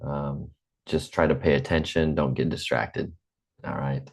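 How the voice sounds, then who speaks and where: An American man in his forties with a General American accent teaches an online English class over a video call, speaking slowly and patiently into a computer mic and repeating himself. He has a bass voice with a steady tone and some vocal fry.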